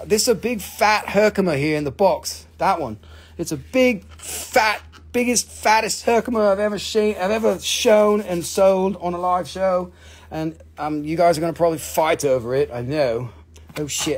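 A man whose accent blends Australian and Northern English hosts a casual live stream selling crystals. Excitable and rambling, he swears freely, and his voice sits on the high side.

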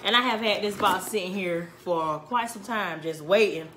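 Gushing, excitable woman unboxing in echoey room. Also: mid-range voice, moderate pace, background noise. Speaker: vlogger. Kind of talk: casual unboxing video.

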